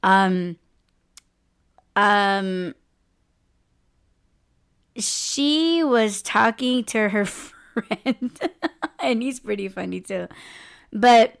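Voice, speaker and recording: A woman's voice: mid-range voice, expressive, very slow, vocal fry, long pauses, clean tone. A woman around forty co-hosting a podcast in casual chat, rambling, laughing often and restarting her sentences. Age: about 40. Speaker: podcast co-host.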